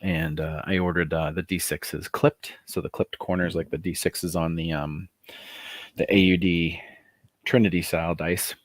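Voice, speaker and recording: A man casually chatting on a livestream, excited and rambling with fillers, greeting viewers as he talks through his project. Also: low voice, moderate pace, no echo, clean studio sound. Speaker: author running a crowdfunding livestream.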